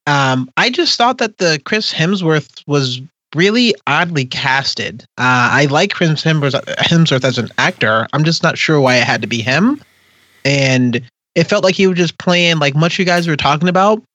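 A man's voice: a little high, moderate pace, sharp tone, dry recording. A man reviewing a film on a podcast in loose, rambling casual chat. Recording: dull, dry lo-fi mic.

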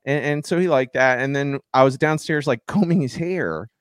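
A man's voice: medium pitch, normal speed, dry recording. A man in his thirties, a podcast co-host, animatedly telling a story in casual chat. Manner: animated storyteller, laughs often.

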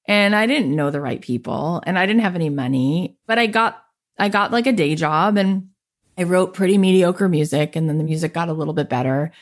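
A thirties-aged woman guests on a podcast, recounting her life story in an interview with an animated manner and acting out what people said to her. Her voice sits on the low side, and she talks fairly quickly.

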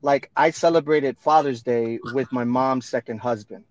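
A man's voice: mid-range voice, moderate pace, a little mellow, dry recording, highs cut off. A man co-hosting a podcast, telling personal stories in a blunt, emphatic way with casual swearing. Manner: blunt, emphatic storytelling with profanity. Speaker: podcast co-host. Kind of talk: casual chat.

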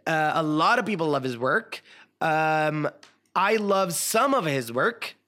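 A man hosting a casual film discussion podcast, frank and opinionated, pausing often with fillers and restarts. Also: a little high, expressive, pushed and bright. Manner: hesitant, many fillers and restarts. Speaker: podcast host.

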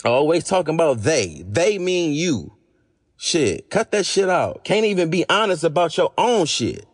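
A podcast host with a hoarse, fading voice, delivering a blunt, profane, exasperated monologue. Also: male voice, fairly high pitch, sing-song, unhurried. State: losing his voice.

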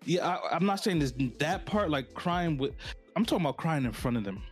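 Laid-back podcast dude, kinda high voice, all over the place, laughs a lot. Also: male voice, a little fast, soft background music. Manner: animated, laughing, acts out quotes. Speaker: podcast co-host. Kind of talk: casual chat.

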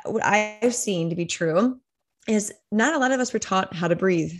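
A woman hosting a podcast, asking open questions in a relaxed, encouraging way. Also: medium pitch, moderate pace. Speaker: podcast host. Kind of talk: casual interview.

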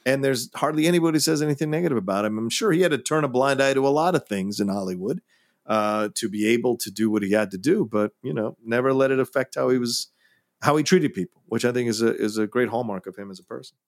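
A man's voice: medium pitch, fast talker, no echo, studio quality. A man co-hosting a casual film podcast, giving earnest, emphatic opinions. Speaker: podcast co-host.

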